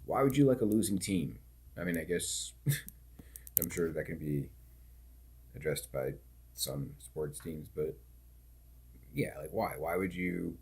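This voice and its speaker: A man's voice: deep voice, lively intonation, slow pace, long pauses, a little mellow, breathy edge. A man streamer chatting casually and rambling while he plays a game, full of "like" and "dude". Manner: laid-back, loose talk full of "like" and "dude". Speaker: gaming streamer.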